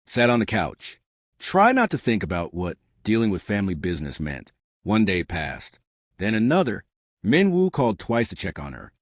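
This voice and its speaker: A man narrates a scripted romance story in a low voice, with a measured delivery and lively shifts in pitch. The recording is dry and close, with no room sound. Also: no room sound.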